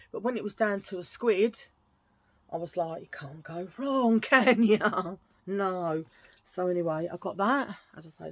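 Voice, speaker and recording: A woman's voice: mid-range voice, dry recording. Woman, rambling and gushing, dry sound at home. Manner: gushing, chatty, rambling with restarts. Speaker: vlogger showing a thrift haul. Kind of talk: casual chatty haul video.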